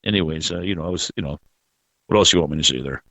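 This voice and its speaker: A man's voice: extremely low pitch, pushed and bright, no echo. Rambling man hosting a podcast. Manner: rambling, halting, swears freely. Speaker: podcast host. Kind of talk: casual podcast chat.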